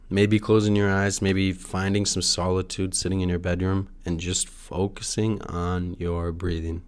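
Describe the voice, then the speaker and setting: A man's voice: low voice, little pitch movement, unhurried, few pauses. A young man talking alone in a casual, rambling monologue, full of restarts and fillers and the odd swear word. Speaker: solo podcaster. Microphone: no camera, audio only.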